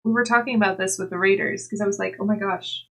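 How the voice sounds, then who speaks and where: Giggly breathy woman streaming. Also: mid-range voice, steady tone, racing. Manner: chatty, giggly, talks to her cat and chat. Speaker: livestreamer. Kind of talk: casual chat with live chat while knitting.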